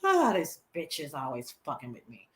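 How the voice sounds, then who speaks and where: A woman hosting a casual livestream chat, loud, dramatic and profane, often breaking into laughter. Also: sits low, wildly swooping pitch, normal speed, reverberant. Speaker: host.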